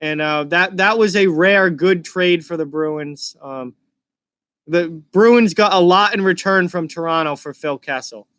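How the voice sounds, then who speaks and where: A man's voice: high voice, a little slow, fairly bright tone, clean tone, no room sound, clean studio sound. A young man from Massachusetts with a mild Massachusetts accent, hosting a live hockey reaction stream and chatting casually while he answers live chat questions.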